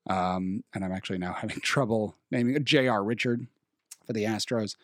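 A young man hosting a casual podcast chat, rambling and pausing to search for names. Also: on the low side, fairly bright tone, dry recording, clean studio sound. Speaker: podcast host. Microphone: studio microphone.

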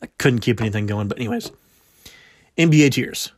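A man's voice: medium pitch, expressive, fairly quick, no echo, clean studio sound. A man hosting a solo sports podcast, talking casually, bluntly and with opinions, drifting off on tangents and catching himself. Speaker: podcast host.

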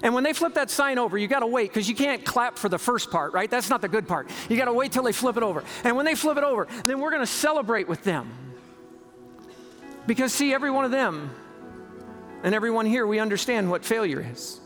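A man preaching a sermon in a large church, telling a story dramatically and shifting between slow, stressed words and quick bursts. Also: very high voice, lively intonation, a bit bright, faint music behind. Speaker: pastor.

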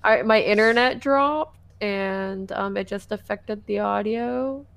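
Brief: unhurried woman, dry and wry, casual swearing, on a call. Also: medium pitch, vocal fry, clear, resonant tone. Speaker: guest, joking co-host. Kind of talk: casual chat. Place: home, on a voice call.

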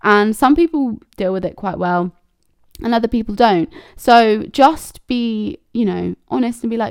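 A woman's voice: on the high side, measured pace, creaky, clear, resonant tone, no echo, studio quality. A woman hosting a casual advice monologue, candid and blunt, swearing freely and acting out quoted messages. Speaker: podcast host.

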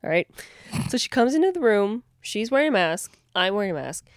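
A woman co-host of a podcast recounts stories with lively, casual swearing. Her clear, resonant, medium-pitched voice moves a little fast, captured in a dry, studio-quality recording.

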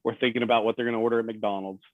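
A man as a podcast guest in casual chat, blunt and gruff, laughing at himself now and then. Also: medium pitch, level tone, rapid-fire, no echo. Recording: tinny phone-like line.

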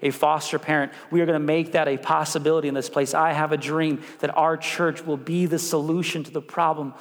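A man preaching a sermon as pastor, animated, with call-and-response prompts to the congregation. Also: on the high side, in a large hall. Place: church sanctuary.

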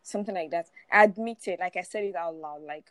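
A woman's voice: on the low side, fairly quick, a bit bright. A woman in her forties sharing her personal testimony as a guest, often laughing through it and repeating words as she goes. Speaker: guest speaker.

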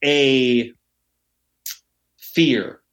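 A man telling stories in a casual chat, animated and heavy on swearing. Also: mid-range voice, extremely slow. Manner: profane, animated storyteller. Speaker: podcast guest. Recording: roomy echo.

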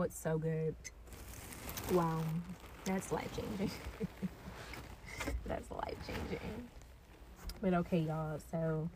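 Laid-back woman in her twenties, slightly low voice. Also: mellow, slight background noise. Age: 20s. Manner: laid-back, rambling, giggly. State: high. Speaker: podcast host. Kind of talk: casual solo podcast chat. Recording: built-in device mic, not the set mic.

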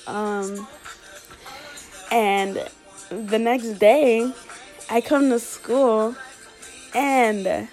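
A woman's voice: a little high, darkish tone, faint music behind. Earnest woman telling a personal story. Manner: earnest, halting, emotional.

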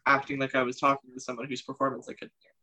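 A man voice actor in a casual group chat, talking quickly with hesitant fillers. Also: medium pitch, completely flat delivery, a crowd in the background, poor audio. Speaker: voice actor on the show.

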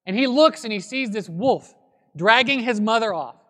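A man with a high voice preaches a sermon, retelling a story in an easygoing, conversational manner. His voice carries a long reverb from a large church hall. He talks like a pastor chatting with his congregation rather than orating. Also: lively intonation, normal speed, fairly bright tone.

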